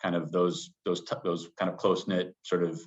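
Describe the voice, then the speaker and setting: A man being interviewed as a business guest, answering in a measured way full of qualifiers. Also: sits low, level tone. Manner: measured, hedging with many qualifiers. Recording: dull lo-fi sound.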